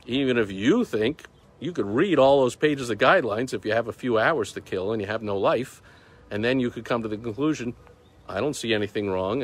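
A man hosting a casual business video, talking outdoors in a light breeze, emphatic and sarcastic, repeating words for stress. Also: on the low side. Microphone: phone or camera recording himself.

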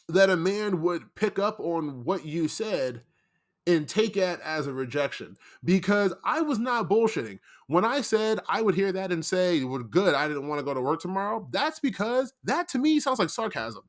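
A young man in a casual commentary monologue, rambling and defensive, explaining himself with emphatic repetition. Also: sits high. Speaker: commentary vlogger.

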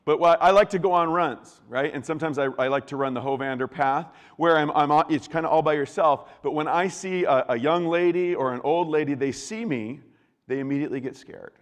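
A man's voice: fairly high pitch, brisk, long reverb tail. An adult man preaching a sermon as a pastor, talking conversationally and often repeating words and restarting. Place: church.

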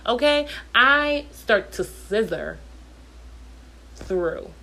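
A woman's voice: a little high, lively intonation, slow pace, a bit bright. A woman in her thirties venting in a casual storytime, blunt and profane, talking from her bathroom at home.

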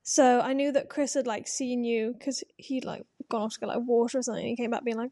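A young woman with a high, mellow voice, recorded close and dry. She chats easily, quoting what she thought, with plenty of fillers. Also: steady tone, fast talker, dry recording. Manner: chatty, quoting herself, many fillers. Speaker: podcast co-host. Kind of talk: casual chat.

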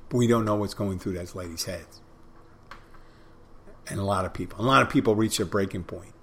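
A man's voice: lowish voice, fairly quick, a bit bright, a little hiss or hum. A middle-aged man hosting a podcast, talking in a rambling, folksy solo monologue. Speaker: podcast host.

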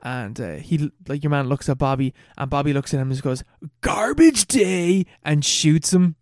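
A man's voice: medium pitch, steady tone, no room sound, clean studio sound. A man in a casual chat, rambling and laughing as he recaps a film plot. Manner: rambling, laughing, swearing, fast storytelling.

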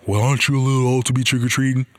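A man putting on the voice of a snooty, judgmental homeowner, fast and condescending. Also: mid-range voice, flat delivery, no echo, lightly acted. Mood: sneering. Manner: quick, mocking, condescending.

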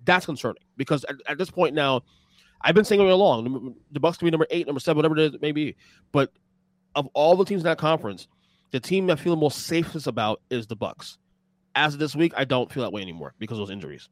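A man co-hosting a heated sports debate, excitable and repeating words as he talks over the others. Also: on the high side, fast talker, no room sound. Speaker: sports talk co-host.

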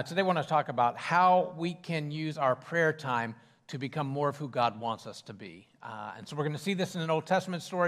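A man's voice: fairly high pitch, fairly bright tone, long reverb tail. A man preaching a sermon in a church, conversational with fillers and restarts. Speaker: pastor. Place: church sanctuary.

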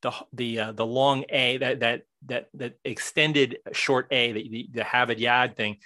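A man's voice: mid-range voice, steady tone, unhurried, pushed and bright, no room sound. A man chatting as a podcast guest, rambling with many restarts. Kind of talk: casual chat.

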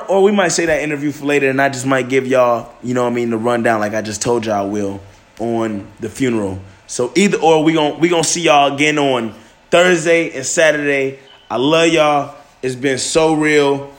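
A man's voice: medium pitch, normal speed. A man hosting a solo podcast, talking loosely with lots of restarts and fillers. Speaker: podcast host. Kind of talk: casual solo podcast monologue. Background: faint music.

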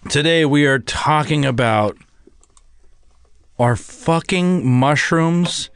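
A man's voice: fairly high pitch, takes it slowly, clean tone, dry recording, clean studio sound. A man co-hosting a podcast, joking at his own expense and swearing freely. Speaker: podcast co-host. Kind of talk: casual podcast chat.

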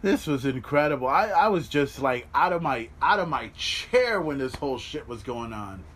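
A man hosting a podcast, giving excited watch-along commentary on a replay, swearing freely and yelling at the big moments. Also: medium pitch, normal speed, slightly rough. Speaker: podcast host. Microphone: podcast mic.

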